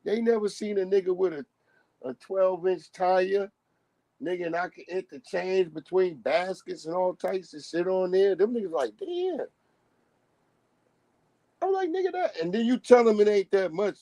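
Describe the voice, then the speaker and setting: Brief: high-pitched male streamer, loose slangy ramble, dry close mic. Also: warm tone, dry recording. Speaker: live-stream host. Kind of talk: casual stream monologue.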